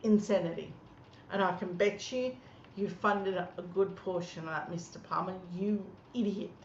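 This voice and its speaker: Woman, 30s, blunt scornful political rant; mid-pitched, recorded in an echoey room. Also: normal speed. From Australia. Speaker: political commentator. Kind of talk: ranting political commentary. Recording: echoey room, dull lo-fi sound, faint noise.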